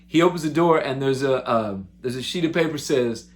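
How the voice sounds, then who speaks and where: A male musician hosting his own show, telling road stories to the camera in an excitable, animated, chatty way. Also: mid-range voice, fairly quick. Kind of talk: casual storytelling to camera.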